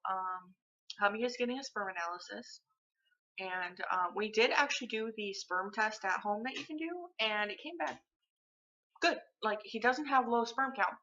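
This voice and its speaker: A woman's voice: medium pitch, sharp tone, dull audio. A young woman vlogging in casual chat to the camera, candid and rambling, with lots of fillers and restarts.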